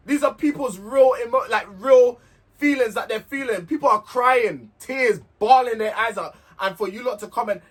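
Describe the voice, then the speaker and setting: A man's voice: very high voice, moderate pace, fairly bright tone. A man recapping a reality show in a casual, heated, sweary rant, repeating himself as he vents.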